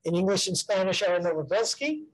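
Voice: medium pitch, sing-song, rough recording. A presenter at a school board meeting, reading out student names one by one and stumbling and correcting themself over the pronunciations. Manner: halting, self-correcting, careful over name pronunciation.

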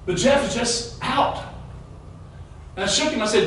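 A man's voice: very high voice, unhurried, pauses often, fairly bright tone. A middle-aged man preaching a sermon as pastor, telling a story in a conversational way and speaking to the congregation. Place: large church sanctuary. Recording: very echoey hall, mic far off.

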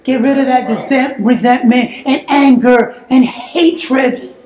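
A woman preaching a sermon in a church, telling a personal story in an animated way that breaks into shouts and laughter. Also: high-pitched, takes it slowly, echoey room. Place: church sanctuary.

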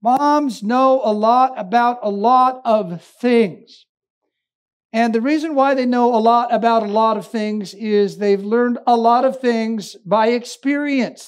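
A man's voice: extremely high pitch, slow pace, clear, resonant tone. A man, a pastor, preaching a sermon with humorous storytelling and emphatic repetition.

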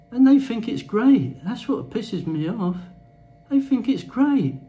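Guy ranting to camera, swears a lot, blunt, slightly high voice. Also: warm tone, rough recording. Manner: blunt, crude, swears freely. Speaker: vlogger.

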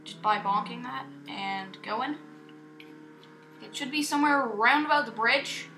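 A young woman giving casual, excitable gameplay commentary as a YouTuber, chatty and self-mocking. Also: on the high side, unhurried, soft background music. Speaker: gaming YouTuber. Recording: echoey room with faint noise.

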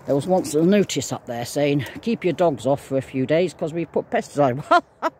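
A man's voice: medium pitch, a little mellow, a little hiss or hum. Rambling older man on a dog walk. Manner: chatty, meandering, breaks off to talk to his dog. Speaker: vlogger walking his dog. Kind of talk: rambling casual monologue. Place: outdoors in fields on a walk.

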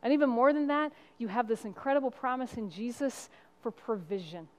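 A woman's voice: on the high side, animated, fairly quick. A woman pastor giving a sermon in an earnest, conversational preaching style. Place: church sanctuary. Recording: long reverb of a church hall.

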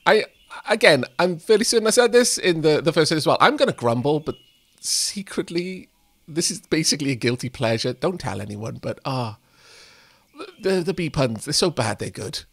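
A man's voice: fairly high pitch, animated, normal speed, a bit bright, no room sound. A young man casually commentating while playing a game, joking and reading text aloud. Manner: playful, reads text aloud, jokes, many fillers. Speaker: let's play host.

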